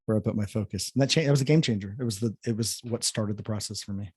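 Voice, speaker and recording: A man guest in a conversation, telling a personal story in a reflective, relaxed way. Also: lowish voice, brisk, slightly rough, dry recording, studio quality. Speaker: podcast guest.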